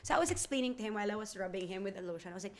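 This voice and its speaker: Woman, 30s, podcast guest: warm, candid, stammers and restarts. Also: medium pitch, expressive, very fast. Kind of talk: candid conversational interview.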